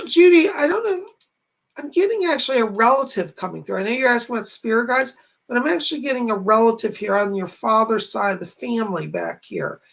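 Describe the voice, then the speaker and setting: A man's voice: sits high, creaky, a bit bright, low-quality recording. A man working as a psychic medium and giving readings on a livestream. He talks in a chatty, earnest, reassuring way and keeps passing on messages with "she said". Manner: retells messages with repeated "she said". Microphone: streaming from home to camera.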